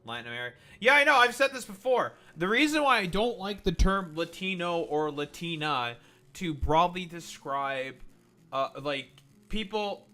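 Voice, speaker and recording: A man's voice: sits high, animated, normal speed, pushed and bright, soft background music. A man streaming in casual chat, teasing and swearing freely. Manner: crude, teasing, swears a lot.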